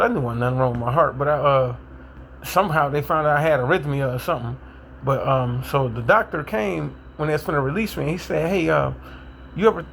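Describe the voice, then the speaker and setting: A middle-aged man casually telling his own recovery story with a Milwaukee accent, animated and acting out what people said. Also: gravelly, a little hiss or hum. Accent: Milwaukee, African American Vernacular English. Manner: animated, acts out quotes, rises to excited high pitch in tense moments.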